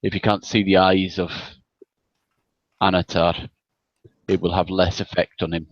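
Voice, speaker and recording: A man playing a tabletop game, quietly describing his character's actions. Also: low voice, little pitch movement, unhurried, dry recording. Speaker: player. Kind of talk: casual tabletop role-play. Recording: dull lo-fi mic.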